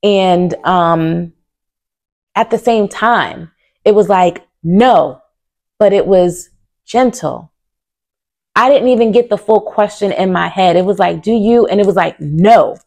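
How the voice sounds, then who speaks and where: A woman's voice: mid-range voice, a little slow, vocal fry, darkish tone. A young woman vlogger telling a personal story to camera in a casual, earnest way, full of fillers and, at times, close to tears. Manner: earnest and candid, with many fillers.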